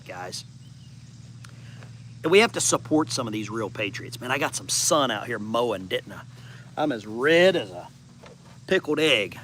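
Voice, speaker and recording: Responding to viewer comments in a loose, rambling way, this American host in his fifties talks casually from his backyard. The medium-pitched voice sounds pushed and bright, and there's a little hiss or hum.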